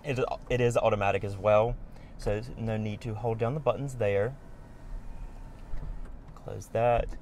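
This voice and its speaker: Brisk male dealership car tour guide. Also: on the low side, steady tone, a little mellow, slight background noise. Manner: brisk, listing features in short bursts. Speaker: car salesperson giving a vehicle tour. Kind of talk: walkaround product tour.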